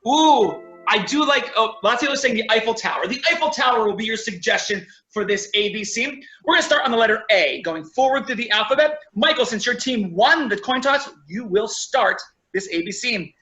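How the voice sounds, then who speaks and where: Referee host for a web-call improv match, bright clear man's voice, upbeat. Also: very high voice, expressive, fairly quick, hardly any pauses, muffled recording, faint music behind. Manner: upbeat, chatty, reads the chat aloud. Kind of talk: refereeing a virtual improv game. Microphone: video call.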